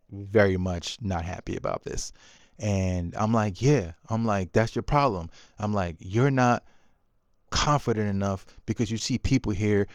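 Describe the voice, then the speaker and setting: A man's voice: fairly low pitch, dry recording, clean studio sound. A man telling a candid personal story about his son in a casual, confessional way, full of fillers and self-quotes. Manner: quotes himself with bursts of louder emphasis. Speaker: dad coach and video host.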